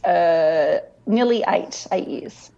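A woman's voice: lowish voice, takes it slowly, vocal fry, dark tone, muffled recording. A woman with an Australian accent, a podcast guest, chatting in a friendly, easygoing way. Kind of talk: casual conversation.

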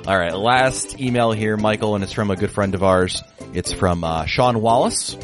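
A man hosting a casual podcast, chatty and lively, with frequent restarts. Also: fairly low pitch, moderate pace, faint music behind. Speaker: podcast host.

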